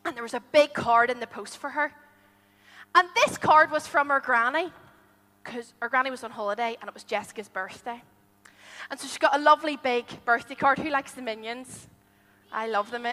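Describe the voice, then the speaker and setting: A woman telling a story to a group of children, animated and asking them questions as she goes. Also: high-pitched. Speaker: children's storyteller at a church holiday club. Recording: long hall reverb.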